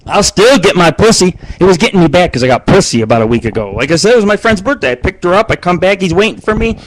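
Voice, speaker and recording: On a home-studio live video stream, a man runs his own internet radio show, spinning rambling, crude stories full of swearing and laughter. His voice is high, with lively intonation and a very fast delivery, and the audio quality is poor.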